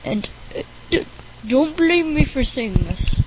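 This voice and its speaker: A woman's voice: high voice, sing-song, background noise. A woman hosting a playful homemade podcast, goofy and teasing. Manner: goofy, teasing, slow-talking. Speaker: podcast host.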